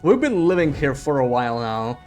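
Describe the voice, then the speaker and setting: With soft music in the background, a young man livestreams his gameplay, chatting loosely, reading out chat messages and cracking self-deprecating jokes. He talks fairly quickly at a medium pitch with big swings, and his tone leans dark.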